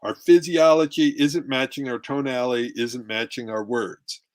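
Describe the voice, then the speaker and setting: A man's voice: mid-range voice, fairly even intonation, moderate pace. A middle-aged man giving a relationship workshop talk with slides, acting out tones of voice to make his points. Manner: demonstrative, acts out tones of voice. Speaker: relationship coach.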